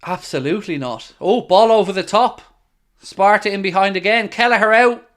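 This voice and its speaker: Excitable Irish man reacting to football. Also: high voice, moderate pace, smooth. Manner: excitable, jumps into play-by-play shouts. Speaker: watchalong host. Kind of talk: live match reaction commentary.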